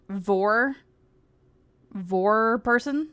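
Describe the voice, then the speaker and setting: A woman's voice: on the high side, animated, unhurried, fairly bright tone, clean tone, no room sound. A woman streamer in casual, sarcastic livestream commentary, rambling and giggling often.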